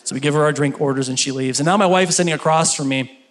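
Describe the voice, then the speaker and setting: Casting: a middle-aged stand-up comedian, a man from Kentucky, higher-pitched storyteller. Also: racing. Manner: storytelling, animated punchlines. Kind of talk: stand-up routine, then interview. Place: stage before a live audience.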